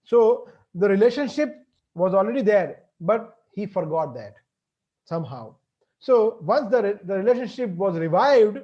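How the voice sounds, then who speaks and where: A man's voice: high-pitched, expressive, unhurried, mellow, highs cut off. A man gives a devotional lecture, explaining with everyday examples and frequently checking in with "right?". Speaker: spiritual teacher.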